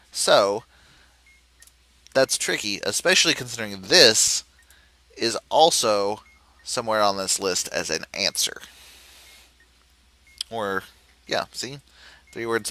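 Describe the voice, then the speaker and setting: A man with a lowish, bright, forward voice guides viewers through a puzzle game in a relaxed tutorial. He thinks aloud as he goes, filling pauses with "uh" and restarting sentences to clarify. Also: rough recording. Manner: explanatory, thinking aloud with frequent "uh" and self-corrections. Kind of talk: screen-recorded game tutorial.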